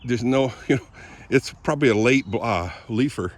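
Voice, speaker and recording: Throat-clearing rambling man outdoors. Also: medium pitch, moderate pace. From Southwest Michigan. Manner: rambling, chatty, frequent throat clearing and coughs. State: lingering cold, throaty. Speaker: vlogger. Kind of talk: casual walk-and-talk vlog. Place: outdoors on a farm.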